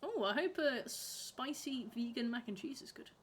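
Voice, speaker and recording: A woman's voice: a little high, lively intonation, normal speed, husky. A young woman chatting casually with her viewers while livestreaming a game, rambling and reacting to messages. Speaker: streamer. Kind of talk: casual live-stream chat while gaming.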